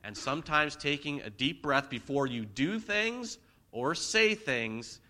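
A man preaching a conversational sermon in church, swinging between loud emphasis and quiet asides. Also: on the high side, expressive, unhurried. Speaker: pastor.

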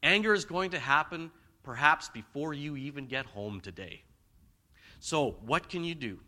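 A man preaching a conversational sermon in church, swinging between loud emphasis and quiet asides. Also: a little high, lively intonation, moderate pace. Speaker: pastor.

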